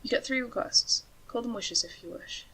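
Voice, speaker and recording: A woman voicing a calm, wry male talking rattlesnake in a storybook reading, speaking in a matter-of-fact way. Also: a little high, normal speed, breathy edge, voice pushed up, heavily acted, rough recording. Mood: explaining. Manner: matter-of-fact, dryly joking.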